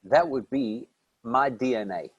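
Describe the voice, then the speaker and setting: A man's voice: medium pitch, a little slow, breathy edge, dry recording, highs cut off. A man from South Africa giving a conversational Torah lesson, posing questions and answering them himself. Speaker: rabbi teaching a class. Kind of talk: Torah lecture.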